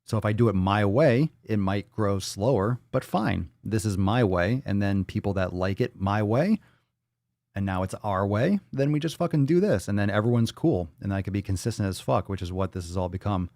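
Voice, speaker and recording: A man's voice: on the low side, normal speed, darkish tone, no room sound, clean studio sound. A man hosting a livestream podcast, talking bluntly and profanely in a fired-up, casual way.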